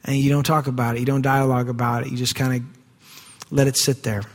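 A male pastor preaching a sermon in a church, conversational, swinging from quiet asides to raised emphasis. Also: mid-range voice, little pitch movement, quick pace. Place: church sanctuary. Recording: long hall reverb.

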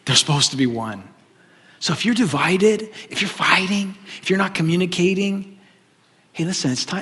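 A man preaching a sermon, an animated and joking storyteller. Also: sits high, moderate pace, husky. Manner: animated, joking storyteller who often laughs. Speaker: pastor. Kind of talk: sermon with humorous stories. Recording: long hall reverb.

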